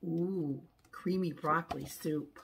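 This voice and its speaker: A woman's voice: sits low, fairly even intonation, slow, gravelly, noisy background. A woman vlogger chatting casually while unboxing thrift packages, rambling and restarting her thoughts.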